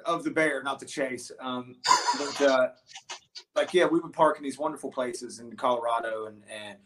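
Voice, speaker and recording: A man's voice: medium pitch, moderate pace, a little hiss or hum. A man who plays in a band, guest on an interview show, telling stories casually with many restarts and fillers. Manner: rambling, animated storyteller with many restarts and fillers. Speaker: guest musician.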